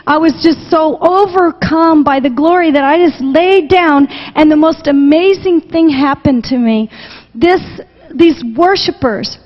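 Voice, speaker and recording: A woman's voice: high voice, measured pace. A woman missionary preacher giving an emotional testimony sermon, passionate and repetitive, close to tears at times. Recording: dull recording with long hall reverb.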